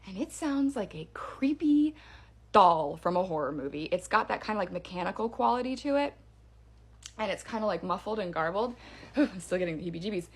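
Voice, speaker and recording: A woman's voice: mid-range voice, expressive, brisk, slightly rough. A woman casually telling a first-person scary story in a chatty way, with fillers and restarts.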